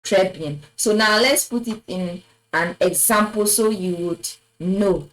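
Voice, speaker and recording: She has a medium-pitched voice and takes her time, captured in a rough recording. It's a slow French class at a board in a classroom, where she patiently says words again and again and encourages with "très bien."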